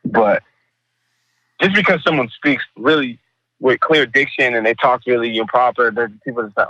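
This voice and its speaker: A male artist talks in a loose, animated interview, cursing often and jumping into quoted voices. His voice is bright and forceful. The sound is dry, close and a little dull, like a modest podcast recording. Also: mid-range voice, moderate pace, no room sound. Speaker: artist guest. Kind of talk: casual conversational interview.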